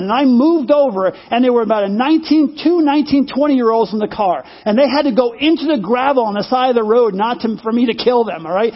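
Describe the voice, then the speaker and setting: A man preaches with a very high, husky voice. He talks conversationally, asks his listeners questions and repeats words often. The sermon audio sounds dull and lo-fi. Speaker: pastor.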